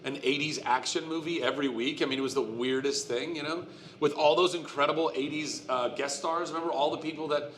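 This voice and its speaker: An American man in his forties, an animated storyteller who laughs often and restarts his sentences, talking as a guest on a live convention stage. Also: on the high side, fairly quick, slight background noise. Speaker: guest actor. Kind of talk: casual stage interview.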